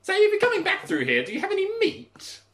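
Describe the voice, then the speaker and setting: A man voicing a hungry female bugbear guard who talks in a squeaky, over-polite way. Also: wildly swooping pitch, fast talker, echoey room, a crowd in the background, full character voice. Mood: fussy.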